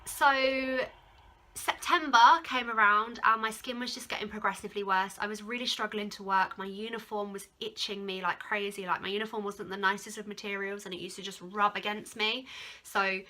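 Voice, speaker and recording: Talking to camera in a casual storytime vlog, this young woman from England recounts something she went through, leaning heavily on "like" and other fillers and turning emotional now and then. She speaks at a moderate pace with medium pitch, fairly even intonation and a pushed, bright quality.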